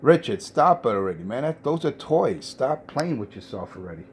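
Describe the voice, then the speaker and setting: A man's voice: mid-range voice, sing-song, moderate pace, a little hiss or hum. A man on a CB radio mocking and lecturing another operator, repeating "man" as he talks. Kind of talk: trash-talking radio banter.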